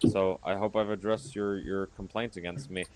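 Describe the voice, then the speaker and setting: A low-pitched man from Florida runs a heated live-stream call with a drink in hand. He rambles, circles back, repeats himself and turns combative. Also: flat delivery, normal speed, very noisy. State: drinking while talking.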